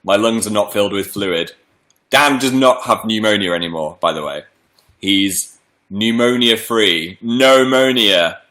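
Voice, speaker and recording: A man's voice: lowish voice, measured pace, bright, forceful tone, reverberant. A man, chatting playfully on a livestream and reading viewer messages, with a slight cold. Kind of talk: casual livestream chat.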